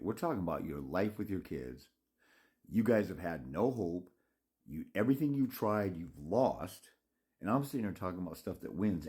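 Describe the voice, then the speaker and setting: A father's rights consultant rants to his viewers in a blunt, scolding, profane monologue, full of restarts and mocking asides. His voice is low-pitched and mellow.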